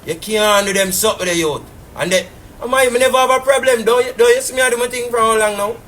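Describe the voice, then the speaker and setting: A man's voice: extremely high pitch, fast talker, fairly bright tone, a little hiss or hum. A man with a Jamaican patois accent, ranting casually and indignantly on a live stream, rambling and repeating fillers. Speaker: businessman telling his side.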